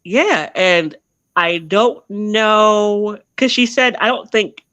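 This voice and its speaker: A man's voice: high voice, slow pace, bright, forceful tone, clean tone, dry recording. A man telling his family history as a guest in a casual interview, rambling and often correcting himself mid-sentence.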